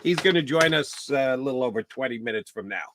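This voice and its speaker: Lively, bright-voiced sports show host man. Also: mid-range voice, quick pace, no room sound, clean studio sound. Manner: lively, jokey banter. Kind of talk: casual sports talk show chat.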